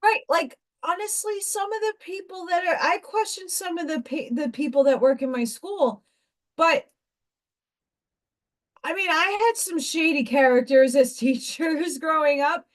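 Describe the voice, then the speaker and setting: A woman's voice: high voice, measured pace. A woman hosting a livestream, her voice sitting a little above the usual range. She rambles from point to point, stresses her words hard, and breaks off to greet viewers by name. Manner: rambling and emphatic, greets viewers mid-sentence. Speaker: livestream host and school teacher. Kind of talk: casual livestream chat.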